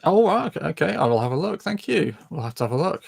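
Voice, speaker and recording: A man's voice: fairly high pitch, sing-song, fast, vocal fry, slightly rough, no room sound. A man hosting a casual livestream chat, rambling and self-deprecating. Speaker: livestream host.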